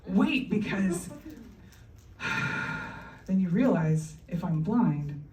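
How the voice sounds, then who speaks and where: Far from the mic, a woman with a lowish, slightly mellow voice delivers a very slow yet animated stand-up set on a comedy club stage before a live audience. She's chatty and wry, often laughing between lines, and the roomy recording picks up the crowd and room ambience.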